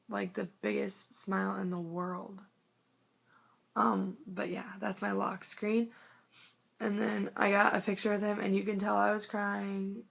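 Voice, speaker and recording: A woman's voice: mid-range voice, level tone, takes it slowly, vocal fry, fairly bright tone, husky. A young woman vlogging into her phone, telling a story in a gushing, rambling way, full of "like" and sometimes dropping to a whisper. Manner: gushing, rambling, fillers of "like", drops to a whisper at times. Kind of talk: excited casual storytelling to camera.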